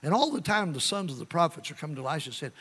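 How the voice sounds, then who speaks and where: A man preaching a storytelling sermon, acting out characters' voices and swinging from hushed asides to shouts. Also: a little high, very animated, rapid-fire, breathy edge.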